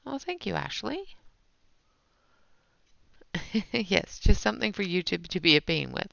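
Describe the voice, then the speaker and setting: This livestream host keeps up casual chatter with viewers while colouring. Her mid-range voice is very animated and a bit bright, with vocal fry, a measured pace and frequent pauses; there's no echo, though the stream audio is dull and lo-fi.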